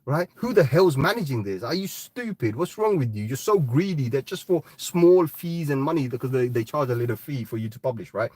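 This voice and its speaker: A man's voice: mid-range voice, lively intonation, fairly quick, few pauses, darkish tone, no echo. A man hosting a live crypto talk, ranting bluntly and swearing, often tagging "right?". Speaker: crypto podcast host.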